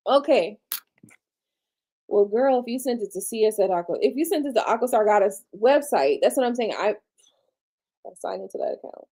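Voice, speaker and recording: A woman hosting a casual livestream, chatty and slangy, tired late at night, dropping to low murmurs and jumping to excited squeals. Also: normal speed, long pauses. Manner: chatty and slangy, talks to viewers as y'all. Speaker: livestream host.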